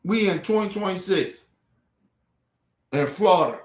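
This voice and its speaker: A man's voice: high-pitched, unhurried, reverberant. A man ranting about politics on a stream, heated, profane and repetitive. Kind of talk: ranting commentary. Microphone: streaming mic.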